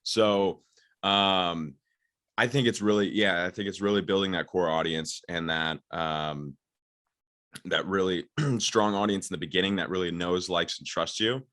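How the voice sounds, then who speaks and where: A man's voice: deep voice, fairly bright tone. A young man, a social media expert, explaining his ideas eagerly in a casual interview over a call, with many fillers. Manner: eager, fast, filler-heavy.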